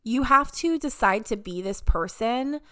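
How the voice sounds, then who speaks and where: An upbeat young woman hosts her podcast with a motivational talk, her voice sitting a bit high. She slips into little imitations whenever she quotes someone. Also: lively intonation, measured pace, fairly bright tone. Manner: upbeat, mimics voices when quoting. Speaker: podcast host. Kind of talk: casual motivational monologue.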